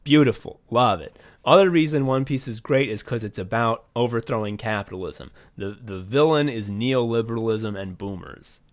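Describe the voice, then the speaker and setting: A podcast co-host, a man with a mid-range voice, retells a story in loose, casual chat. He talks with eager swearing and heavy feeling, often pushing his voice up when excited. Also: mid-range voice, normal speed, hardly any pauses.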